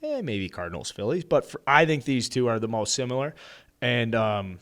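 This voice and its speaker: A man co-hosting a baseball podcast, talking casually and reading an ad in an excitable, rambling way with some swearing. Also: medium pitch, moderate pace. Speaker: podcast co-host. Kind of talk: casual sports podcast chat with ad read.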